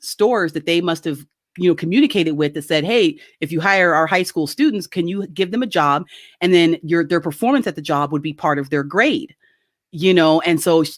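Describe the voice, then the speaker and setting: A woman telling a story in casual chat, recorded dry and close on a video call. She talks animatedly, laughs often and swings her pitch widely as she acts out quoted voices. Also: dry recording. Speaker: guest.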